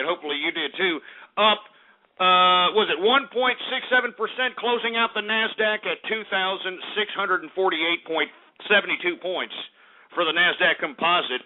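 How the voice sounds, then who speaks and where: Brash male radio host with a high voice, boastful and excitable, heard over a thin phone-quality line. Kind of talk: talk radio market report. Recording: tinny, phone-like radio sound.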